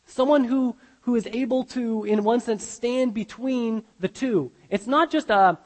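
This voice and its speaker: Speaking a little slowly, a pastor whose voice sits high for a man preaches with earnest emphasis and repeatedly restarts his sentences. His sermon echoes with the long reverb of a large hall.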